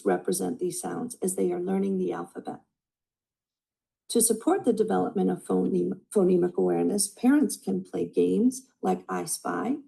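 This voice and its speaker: A woman giving a scripted presentation on early language skills, reading in a measured way from prepared notes. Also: mid-range voice, gravelly, warm tone, poor audio. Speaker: student presenter.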